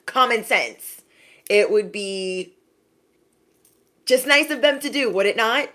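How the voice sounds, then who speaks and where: A young adult woman giving a sassy, animated spiritual pep talk to her viewers, acting out little scenes as she goes. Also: on the low side. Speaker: intuitive reader.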